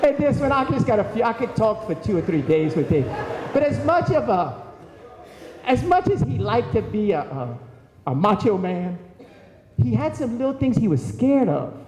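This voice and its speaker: A man's voice: sits high, sing-song, moderate pace, noisy background. A man giving a eulogy in a large church, telling stories and acting out the voices of the people in them. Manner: storytelling, acting out quoted voices. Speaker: eulogy speaker. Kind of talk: eulogy with anecdotes. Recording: echoey hall from far off.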